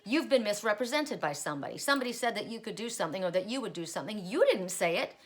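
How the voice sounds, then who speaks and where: A woman's voice: mid-range voice, lively intonation, fast talker. A woman giving a casual spoken card reading, retelling a fairy tale in a chatty way with many restarts and asides. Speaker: tarot reader.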